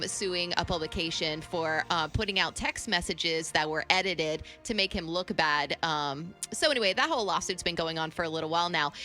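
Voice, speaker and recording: A woman co-hosting a radio show, chatting and explaining celebrity news in quick bursts. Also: lowish voice, pushed and bright. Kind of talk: casual gossip chat on radio.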